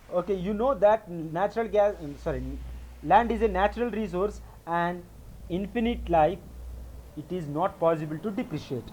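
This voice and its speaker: Brief: man with a high voice, patient teacher who repeats and corrects himself. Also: darkish tone. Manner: explanatory, repeats points, frequent self-corrections. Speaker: accounting teacher. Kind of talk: classroom lecture.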